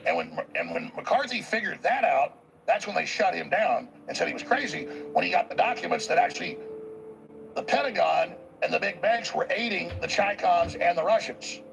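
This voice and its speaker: A man's voice: high-pitched, very animated, moderate pace, vocal fry, noisy background. A man hosting a talk show, delivering a rambling, emphatic political monologue and repeating words as he presses each point.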